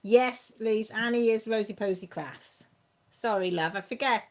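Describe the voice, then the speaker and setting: A woman hosting a casual live stream, chatting warmly with viewers by name and laughing often. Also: on the high side, unhurried. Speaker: channel host reading live chat.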